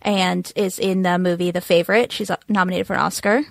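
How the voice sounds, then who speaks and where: A woman's voice: lowish voice, flat delivery, fairly quick, vocal fry, no room sound. A woman co-hosting a podcast in casual chat, wry and giggly. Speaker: podcast co-host.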